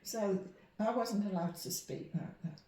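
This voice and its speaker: A woman from Leeds with a softened Yorkshire English accent, telling stories as a guest and animatedly acting out the voices in them. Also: mid-range voice, a little slow. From Leeds, Yorkshire, England. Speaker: clairvoyant and medium, guest. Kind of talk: conversational storytelling. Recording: roomy echo.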